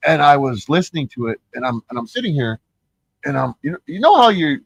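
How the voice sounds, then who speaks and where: A man's voice: fairly high pitch, very animated, fairly quick, creaky, breathy edge, no room sound, poor audio. Profane ranting streamer man. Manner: profane, rambling, mocking; repeats and restarts words. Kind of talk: ranting live-stream commentary.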